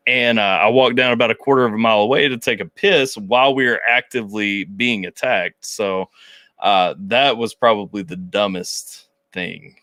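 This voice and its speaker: Bright-voiced man telling war stories. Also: normal speed, no room sound. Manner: profane, animated retelling, voice jumps high when quoting. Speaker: podcast co-host, army veteran. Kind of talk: casual storytelling chat.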